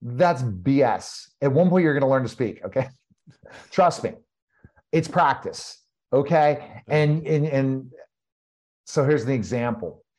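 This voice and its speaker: A middle-aged man, a former pro wrestler, telling stories in an emphatic, repetitive, animated way as an interview guest. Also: medium pitch, takes it slowly, pauses often. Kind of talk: casual interview storytelling.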